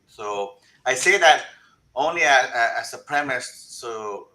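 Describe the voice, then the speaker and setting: Bright-voiced man with a heavy Mexican-American accent. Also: medium pitch, lively intonation, measured pace, rough recording. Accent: Mexican-American Spanish-influenced. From Eastern Coachella Valley, California. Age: middle-aged. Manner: earnest, keeps adding "right?". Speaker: assistant director of planning and building. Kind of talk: panel discussion.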